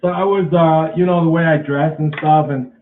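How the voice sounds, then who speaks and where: A man's voice: fairly high pitch, fairly even intonation, reverberant, distant mic, phone-quality sound, slight background noise. A man casually vlogging at home, rambling and restarting his sentences as he talks through a chore. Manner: rambling, repeats himself, halting restarts.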